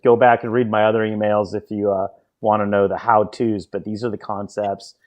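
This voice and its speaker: A man's voice: on the low side, little pitch movement, moderate pace, darkish tone. Casual man telling stories. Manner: rambling, anecdotal, frequent restarts. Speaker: podcast host. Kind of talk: casual chat.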